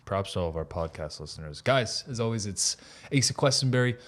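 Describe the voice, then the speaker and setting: A man's voice: lowish voice, lively intonation, a little fast. A young man hosting a podcast in a studio, chatting casually and playfully and laughing easily. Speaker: podcast host. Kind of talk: casual chat.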